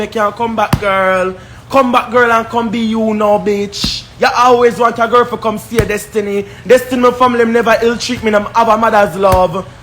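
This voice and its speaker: High-voiced Jamaican man ranting. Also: pushed and bright. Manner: confrontational, repetitive, scornful. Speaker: live streamer. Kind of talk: heated live-stream rant.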